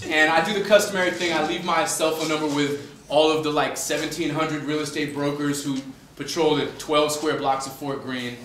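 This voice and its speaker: Man, Boston-suburbs origin, casual guest lecturer to a class, slightly high voice, distant mic in a roomy classroom. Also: normal speed, hardly any pauses, slight background noise. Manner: animated, conversational, many fillers. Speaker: author speaking to a class. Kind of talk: humorous storytelling lecture. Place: university classroom. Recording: echoey room, distant mic, faint ambience.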